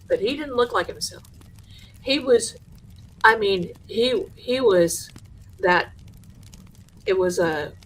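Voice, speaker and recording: A woman hosting a live show, telling a haunted house story with lively energy and acting out the people in it. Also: fairly high pitch, slight background noise. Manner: animated, acts out the people in her story. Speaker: host.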